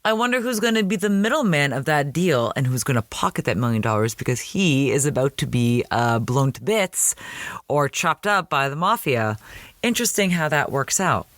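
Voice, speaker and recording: Podcast host, chatty and wry, dry close sound. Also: male voice, a little high, animated, normal speed, fairly bright tone, no room sound. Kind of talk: casual episode recap.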